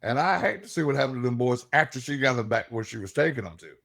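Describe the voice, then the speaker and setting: A middle-aged man, a guest telling animated stories and laughing as he acts out the voices in them. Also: mid-range voice, fast talker, gravelly. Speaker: guest, paranormal investigator. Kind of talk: animated storytelling.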